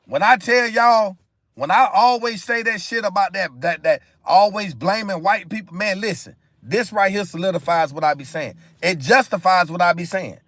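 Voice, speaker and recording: Emphatic high-voiced man on a livestream. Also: normal speed, a bit bright, no echo. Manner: emphatic, repetitive, addresses viewers directly. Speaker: live stream host. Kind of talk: impassioned commentary monologue.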